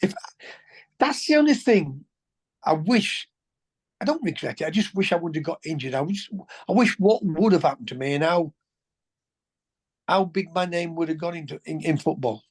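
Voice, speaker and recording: A man, a former footballer telling colloquial, animated anecdotes as an interview guest. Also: fairly high pitch, normal speed, pauses often, slightly rough. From England. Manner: animated, colloquial, swears, restarts sentences. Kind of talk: anecdotal storytelling.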